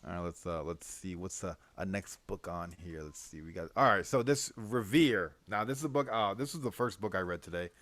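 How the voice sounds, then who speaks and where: A man's voice: sits low, a little fast, hardly any pauses, a bit bright, dry recording. A man co-hosting a casual comic book review chat, laid-back and slangy, laughing often.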